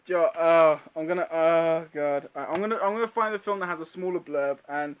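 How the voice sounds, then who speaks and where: A man's voice: a little high, clean tone. A man with a sore throat from being unwell, hosting a casual live Q&A chat, laughing often and trailing off mid-sentence. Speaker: channel host.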